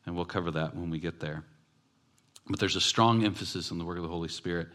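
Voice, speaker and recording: A man's voice: low voice, fairly even intonation, fast, a bit bright. A male pastor preaching a sermon in a conversational, self-deprecating storytelling way.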